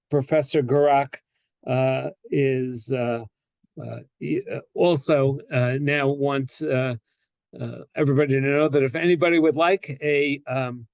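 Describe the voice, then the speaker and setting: A man's voice: a little high, dry recording. A man hosting an online talk, introducing the speaker in a hesitant way full of fillers. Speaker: host.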